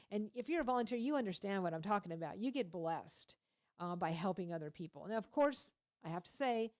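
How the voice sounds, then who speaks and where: This radio host has a darkish, medium-pitched female voice. Speaking casually into a studio mic on faith topics, she grows preachy and very animated, often breaking into laughter.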